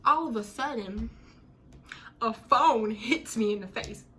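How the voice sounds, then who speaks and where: A young woman telling a personal story in a casual, animated way, full of slang and dramatic retellings. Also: fairly high pitch, takes it slowly, heavy background noise.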